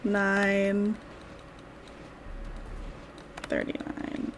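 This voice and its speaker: A woman's voice: mid-range voice, monotone, extremely slow, a little hiss or hum. A woman streamer giving bubbly, giggly live commentary while playing a game. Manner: bubbly, giggly, says y'all.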